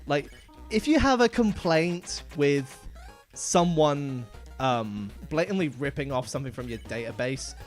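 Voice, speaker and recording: A man's voice: on the high side, animated, a little slow, soft background music. A man streaming a game live, chatting casually and rambling, laughing often as he talks. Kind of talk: casual live gameplay commentary.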